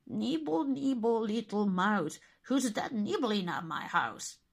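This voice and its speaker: A woman's voice: mid-range voice, animated, takes it slowly, vocal fry, heavily acted. A woman voicing a wicked old witch in a storybook reading, sing-song and gleeful with cackling laughs. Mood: coaxing.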